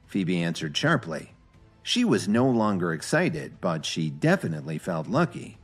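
A man narrating a scripted audio drama with expressive storytelling. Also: low voice, normal speed, slightly rough, faint music behind.

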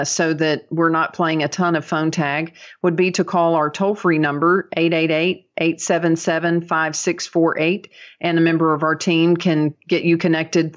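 A woman's voice: sits low, steady tone, moderate pace, hardly any pauses. A woman guesting on a podcast as a dental business coach, talking in an upbeat, chatty way with many fillers. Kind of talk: casual podcast interview. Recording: dull lo-fi audio.

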